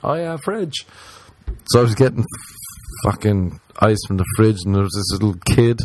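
A man's voice: fairly low pitch, brisk, slight background noise. A man from Ireland with an Irish accent, casually telling a comic story, swearing a lot and acting out the voices of the people in it. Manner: animated, swears a lot, acts out quoted voices.

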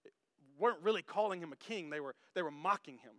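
A man preaching a sermon to his congregation, animated and jokey, who talks straight to the crowd. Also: fairly high pitch, fast talker, no echo, studio quality. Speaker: pastor. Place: church service.

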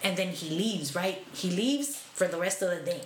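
A woman's voice: fairly low pitch, normal speed, echoey room, noisy background. A woman co-hosting a podcast, telling a story in casual chat that is full of swearing and Spanish slang. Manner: profane, animated, mixes in Spanish slang. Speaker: podcast co-host. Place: podcast room.

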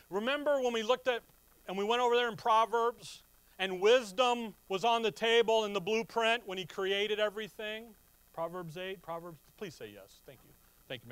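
A middle-aged man preaching a sermon, emphatic, quizzing his listeners and reading scripture slowly and loudly. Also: sits high, dry recording. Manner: emphatic, asks the audience questions.

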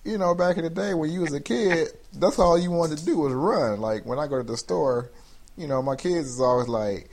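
A man's voice: on the high side, moderate pace, darkish tone. A man co-hosting a podcast, telling rambling, playful stories in casual banter. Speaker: podcast co-host.

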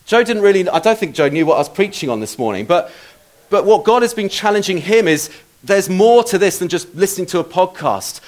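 Male preacher, slightly high voice, chatty self-deprecating sermon delivery. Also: lively intonation, a little fast. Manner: conversational, self-deprecating with asides.

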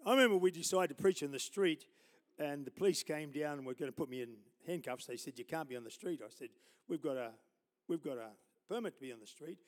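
Older aussie pastor, high voice, preaching his story loud, chuckles in between. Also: brisk. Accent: Australian. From Australia. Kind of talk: sermon testimony.

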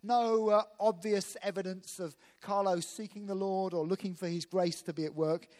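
Fast-talking high-voiced male preacher. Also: steady tone, a little mellow. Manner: fast, emphatic preaching with crowd asides. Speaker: visiting pastor. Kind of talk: sermon. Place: church hall. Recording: echoey church hall.

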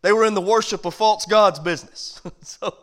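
High-voiced pastor teaching Bible study. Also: male voice, moderate pace. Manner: conversational preaching with big swings in loudness. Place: church.

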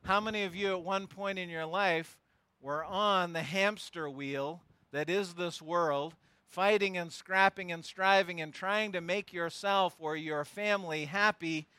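Bright, high-voiced man preaching. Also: smooth, dry recording. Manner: emphatic, rhetorical questions to the congregation. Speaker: pastor. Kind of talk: sermon with verse-by-verse Bible teaching.

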